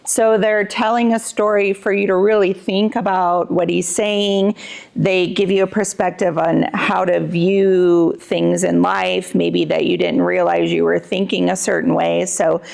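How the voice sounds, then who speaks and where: Gravelly-voiced woman co-host, relaxed chat. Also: fairly low pitch, measured pace. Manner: easygoing, laughs often, explains step by step. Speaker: co-host and executive producer. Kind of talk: casual cooking and book chat.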